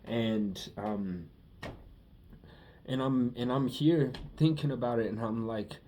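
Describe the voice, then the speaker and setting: A man's voice: mid-range voice, takes it slowly, dark tone, slight background noise. A young man talking through a casual personal monologue, emotional and profane, often repeating himself. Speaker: vlogger.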